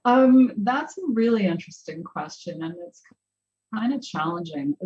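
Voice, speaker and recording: A woman's voice: fairly low pitch, darkish tone, husky, lo-fi sound. A woman professor answering audience questions at a conference, thinking aloud and often restarting her sentences. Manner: thoughtful, with frequent restarts.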